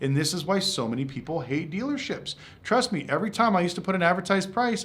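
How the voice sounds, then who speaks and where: A man hosting his own car-buying channel, talking to camera in a blunt, animated way and acting out short calls between customers and dealers. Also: fairly high pitch, quick pace, few pauses. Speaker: car sales consultant and channel host. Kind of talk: casual talk to camera.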